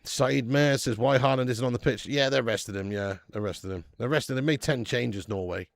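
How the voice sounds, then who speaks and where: A man's voice: mid-range voice, a little fast, creaky, no echo. A man hosting a live football watch-along, chatty and laddish, swearing and calling viewers mate and lad. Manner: bursts out loud at match chances.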